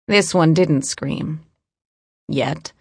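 A woman narrating an audiobook in a measured, cool first-person delivery. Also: low-pitched, steady tone, dry recording, clean studio sound.

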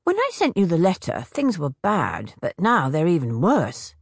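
A woman voicing an odd, talkative female hag from a storybook, rattling off brisk asides, with a gravelly, husky voice. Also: lowish voice, wildly swooping pitch, no room sound, clean studio sound, heavily acted. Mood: breezy.

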